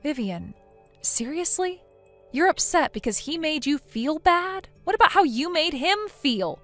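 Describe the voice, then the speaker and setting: A woman's voice: high voice, lively intonation, unhurried, a bit bright, full character voice. Brief: woman voicing stern young female friend, blunt and lecturing, text-story read, light music underneath.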